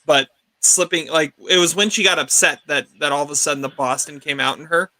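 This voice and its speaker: A man's voice: on the high side, brisk. A man co-hosting a podcast, chatting casually about films and restarting his sentences as he argues a point. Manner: restarts sentences, animated when arguing. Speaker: podcast co-host leading the segment. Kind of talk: casual film discussion.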